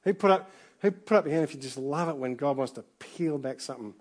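A middle-aged man preaching a sermon in a relaxed, conversational way, full of restarts and asides. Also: fairly high pitch, fast. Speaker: pastor.

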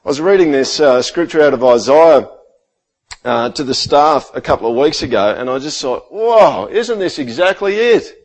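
Middle-aged male pastor, somewhat high-pitched, chatty sermon delivery. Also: animated, normal speed, rough recording. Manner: conversational preaching, rhetorical questions, drops to quiet intensity.

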